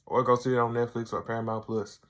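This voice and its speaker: A man's voice: mid-range voice, little pitch movement, fast, noisy background. A man reviewing a sketch show episode for his video channel, retelling it loosely with lots of "like" and "he's like".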